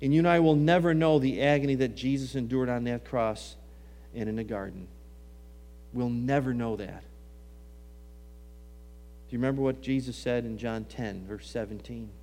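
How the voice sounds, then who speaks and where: A man preaching a sermon, swinging between hushed, low passages and raised, emphatic ones, and quoting scripture in old-fashioned wording. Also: normal speed, long pauses.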